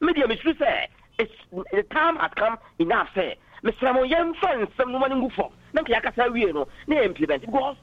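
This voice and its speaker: High-voiced fast man on phone. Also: sing-song, dry recording, dull audio. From Ghana. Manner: passionate, argumentative, mixes in English phrases. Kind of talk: political call-in talk.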